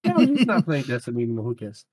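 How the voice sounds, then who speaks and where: A man's voice: mid-range voice, wildly swooping pitch, fast, over a noisy crowd. A man hosting a casual gaming podcast, easygoing, laughing often and stumbling over odd weapon names. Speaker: podcast host.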